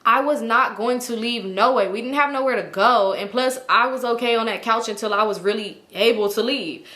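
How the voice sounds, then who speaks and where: A young woman telling a story to her viewers in an animated, slangy and profane way. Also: a little high, normal speed, echoey room. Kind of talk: casual storytime.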